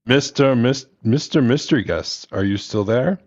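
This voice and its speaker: A sly, menacing German villain drawls his taunts with a thick, exaggerated German accent, as a man puts him on. The voice sits higher than the man's own. It is heard over dull, lo-fi remote audio. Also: normal speed, natural voice. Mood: taunting. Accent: put-on German accent.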